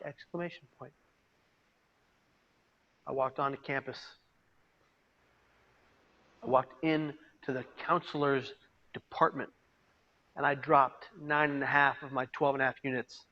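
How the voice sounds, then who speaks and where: Man telling his story, bright lo-fi audio. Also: medium pitch, steady tone, unhurried, pauses often. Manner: dramatic storytelling, swings between hushed and loud. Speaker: peer mentor and suicide prevention speaker. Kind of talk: personal testimony to a live audience. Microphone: video call.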